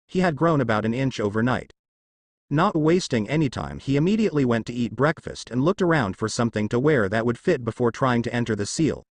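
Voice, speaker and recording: A man narrating a fan fiction story in a steady storytelling read. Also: mid-range voice, dry recording.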